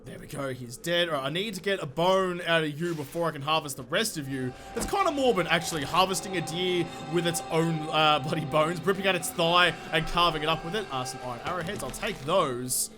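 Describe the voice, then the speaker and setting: A man doing let's play commentary, excitable and sweary, talking to the enemies he fights, his voice a little off from being sick. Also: fairly high pitch, brisk, few pauses, over music. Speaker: gaming YouTuber.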